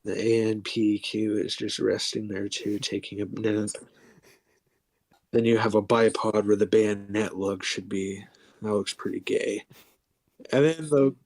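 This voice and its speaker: A man's voice: on the low side, a little mellow, no room sound. A man co-hosting a casual podcast, blunt and crude in a sarcastic way, and short of breath. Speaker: podcast co-host. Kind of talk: casual chat, gun critique.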